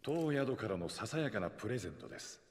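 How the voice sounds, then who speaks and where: A man's voice: on the low side, sing-song, racing, slight background noise. An actor playing a polite, helpful male innkeeper in a game dub, speaking formally and deferentially. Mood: courteous. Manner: formal, deferential hospitality speech. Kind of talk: Japanese game dub acting.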